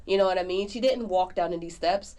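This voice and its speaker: A woman co-hosting a podcast, reviewing a movie in casual, animated chat full of slang. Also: fairly low pitch, brisk. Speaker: podcast co-host.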